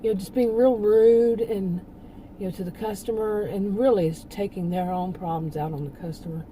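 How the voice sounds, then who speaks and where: A woman's voice: mid-range voice, steady tone, normal speed, mellow, slight background noise, rough recording. A woman talking casually in a rambling monologue, laughing often and restarting her sentences. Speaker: channel host.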